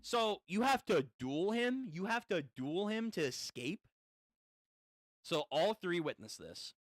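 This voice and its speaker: A man reading a manga aloud and reacting as he goes, animated and prone to swearing. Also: high-pitched, slow pace, dry recording, studio quality. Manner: animated, swears, reads lines aloud then comments. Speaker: manga read-through host. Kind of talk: casual reading with live reactions.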